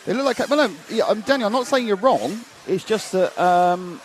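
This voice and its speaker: A man's voice: sits high, lively intonation, normal speed. Chatty man commentating trackside. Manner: chatty, rambling, reads viewer comments. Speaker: race commentator. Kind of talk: live commentary. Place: outdoor trackside. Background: engine noise.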